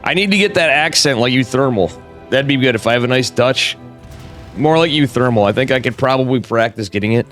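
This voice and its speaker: A man's voice: medium pitch, lively intonation, fairly quick, fairly bright tone, faint music behind. A man with a cold giving casual, chatty live commentary on a strategy game, talking straight to his viewers with jokey asides. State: has a cold. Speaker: esports caster.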